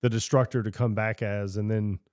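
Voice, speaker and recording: Podcast co-host, lively storyteller, jumps into higher voices for quotes, dry close sound. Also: male voice, moderate pace, clean tone, no echo. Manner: animated, acts out movie lines in raised voices. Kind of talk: casual film chat.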